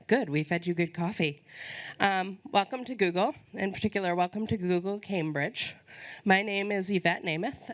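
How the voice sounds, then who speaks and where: A woman's voice: fairly low pitch, no room sound. A woman opens a conference on a stage microphone, her voice strained as she loses it. She talks in a friendly, informal way with frequent ums. The sound is dry and close. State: losing her voice. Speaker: conference host. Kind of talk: conference welcome announcements. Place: conference hall.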